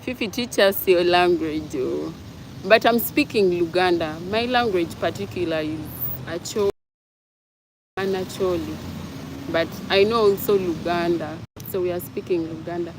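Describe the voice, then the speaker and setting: Woman chatting slow on her livestream, lowish voice, traffic noise behind. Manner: apologetic, chatty, reads comments aloud. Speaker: livestream host. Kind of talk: casual livestream chat with viewers.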